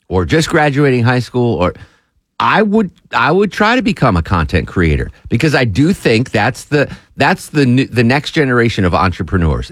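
A man co-hosting a podcast, telling stories in a casual chat and jumping high in pitch when amused. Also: dry recording, studio quality. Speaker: podcast co-host.

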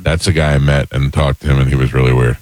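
A man's voice: very deep voice, fairly even intonation, fast, darkish tone, no echo. A man hosting a radio show, running a call-in contest and chatting easily. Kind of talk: casual radio talk.

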